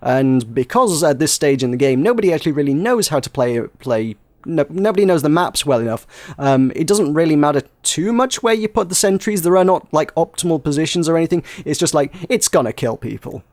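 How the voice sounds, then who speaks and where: A man co-hosting a casual podcast chat, telling animated stories with playful acted quotes and frequent laughter. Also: brisk, few pauses, no echo. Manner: animated storytelling, breaks into laughter, high-pitched playful quotes. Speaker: podcast co-host.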